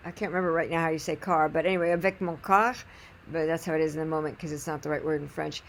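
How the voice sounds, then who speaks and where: A woman telling a personal story in an animated, chatty way with frequent laughter. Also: lowish voice, fast talker. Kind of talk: casual storytelling monologue.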